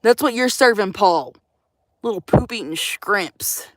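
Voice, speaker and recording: A woman's voice: medium pitch, animated, a little slow, dry recording, clean studio sound. A young woman chatting casually and sassily on a livestream from her van, swearing and teasing her viewers. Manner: swearing, teasing, sassy, addresses viewers as y'all. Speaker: vanlife livestreamer.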